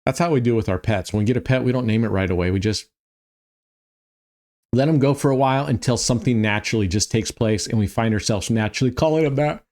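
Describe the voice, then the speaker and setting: A man's voice: mid-range voice, quick pace, darkish tone. A tired man, a roulette streamer, casually talking through his betting strategies and thinking aloud with many small restarts. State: tired, yawning.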